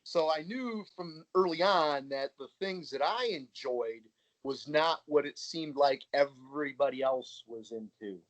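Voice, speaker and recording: A man's voice: a little high, a little slow, no echo. A man telling stories frankly and chattily in a casual podcast interview, swearing freely. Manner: frank, profane, chatty, often acting out quoted voices. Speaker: podcast guest. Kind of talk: casual storytelling conversation. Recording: slightly muffled, dry podcast audio.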